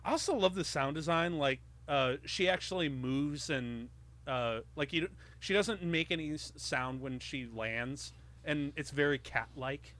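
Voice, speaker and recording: A man hosting a movie commentary podcast, chatting casually and excitedly, swearing and laughing often. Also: fairly high pitch, a little slow. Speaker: podcast host.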